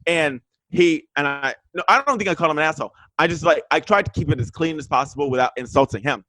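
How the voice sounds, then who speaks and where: A man with a slightly high voice tells a story as a guest on a casual chat show. His delivery is animated and profane, and he acts out what people said, sometimes loudly. The sound is dry, with little room echo. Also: fast talker. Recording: remote link.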